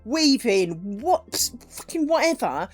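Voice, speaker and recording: A woman's voice: a little high, slow pace, breathy edge. Crafts streamer lady rambling to chat, lots of swearing, voice bouncing all over, bit of music behind. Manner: chatty and animated, swears freely, acts out little dialogues. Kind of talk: casual chat with live viewers while crafting.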